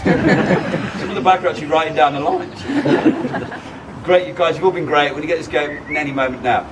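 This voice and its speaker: A man performs a comic costumed show at a castle gate, teasing the audience and leading shouted battle cries. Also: a little high. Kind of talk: live comic crowd-work show. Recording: distant handheld recording with loud wind. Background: crowd of visitors and wind noise.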